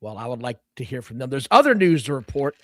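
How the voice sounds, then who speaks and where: A man's voice: medium pitch, big pitch swings, quick pace, no room sound, studio quality. A man co-hosting a wrestling podcast, ranting with strong opinions in casual chat. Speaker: podcast co-host.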